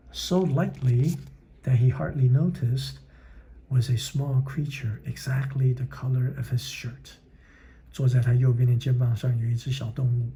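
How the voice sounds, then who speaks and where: A man's voice: medium pitch, dark tone. A man reading a children's book aloud and stopping to explain words, sometimes dropping to a whisper. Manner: reads slowly, stops to explain words in another language; drops to a whisper at times. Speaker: reader and teacher.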